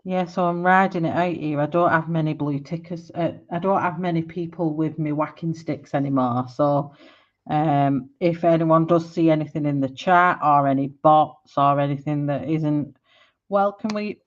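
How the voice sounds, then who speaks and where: A woman's voice: deep voice, steady tone, normal speed, lo-fi sound. A woman in her forties chatting casually on a live stream while she colours, rambling and laughing often. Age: 40s. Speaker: art livestreamer.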